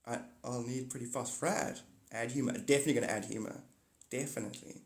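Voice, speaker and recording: A man hosting a casual livestream, rambling excitably, swearing freely and cutting himself off mid-thought. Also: medium pitch, fast talker, creaky, reverberant. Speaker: livestream host.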